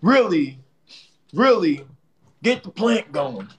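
A man's voice: high-pitched, sing-song, takes it slowly, slight background noise. A man hosting a live stream in casual banter, playfully trash-talking and teasing his viewers and a rival, slangy and repetitive, tagging lines with "bro.". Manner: slangy, repeats phrases, tags lines with "bro". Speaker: livestream host.

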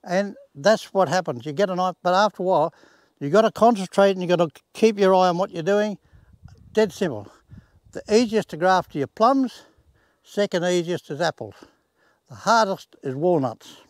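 Folksy old man, high voice. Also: moderate pace, no room sound. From Australia. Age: 80s. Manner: plain-spoken, folksy, uses rural sayings. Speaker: home gardener. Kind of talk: casual demonstration. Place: outdoors in a garden.

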